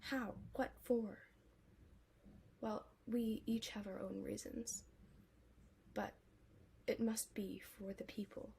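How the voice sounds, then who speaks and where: A woman performing spoken word poetry with a rhythmic, soft and breathy delivery. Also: medium pitch, fairly even intonation, slow, pauses often, slight background noise.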